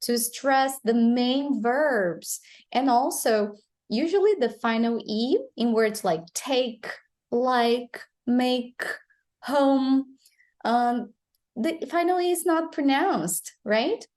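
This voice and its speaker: A woman English teacher explaining pronunciation, repeating model phrases slowly and clearly. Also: fairly high pitch, expressive, darkish tone. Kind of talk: pronunciation lesson.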